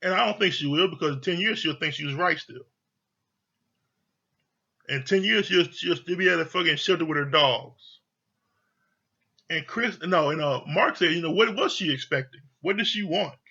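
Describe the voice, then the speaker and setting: A man's voice: on the high side, normal speed, vocal fry, pauses often, bright, forceful tone, breathy edge, muffled recording. A man giving a casual, profanity-laced review of a TV show, blunt, exasperated and mocking.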